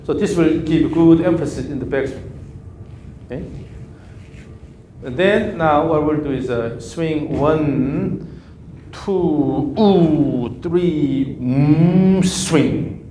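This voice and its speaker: A man's voice: medium pitch, dark tone, reverberant, slight background noise, rough recording. Man, golf coach, native Korean, clipped repetitive instructions, faint room ambience. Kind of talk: live coaching session.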